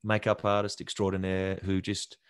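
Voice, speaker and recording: Animated man, low dry voice. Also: normal speed, clear, resonant tone, dry recording. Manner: animated, acts out quotes from others. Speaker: actor guest. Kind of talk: casual interview storytelling.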